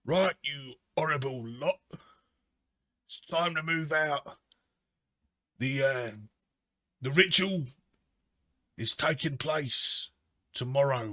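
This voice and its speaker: A man voicing a gruff orc field commander who barks orders at his soldiers in a tabletop game. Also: medium pitch, slow, long pauses, sharp tone, no echo, voice pushed up. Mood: commanding. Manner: barking orders.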